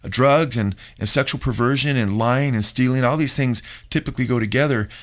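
A man's voice: medium pitch, fairly quick. A middle-aged man, a pastor hosting a radio talk show, preaching emphatically and calling his listeners folks.

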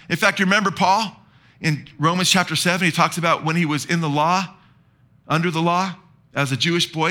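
A man preaching a sermon with a bright, forceful voice that sits a little high. He keeps throwing questions out to the congregation and waiting for them to finish his lines. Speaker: pastor.

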